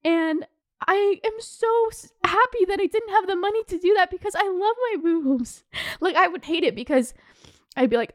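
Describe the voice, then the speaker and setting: A young woman with a high, bright-pitched voice rants on her podcast, full of fillers and swearing. She talks in a loose, emotional way. The sound is close and dry. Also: moderate pace, dry recording. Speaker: podcast host. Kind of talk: casual rant.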